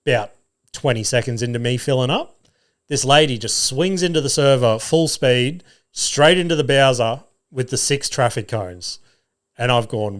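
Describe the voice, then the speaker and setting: Profane Australian man telling stories. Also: mid-range voice. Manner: animated, profane, acts out voices of others. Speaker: podcast host. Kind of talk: casual solo storytelling.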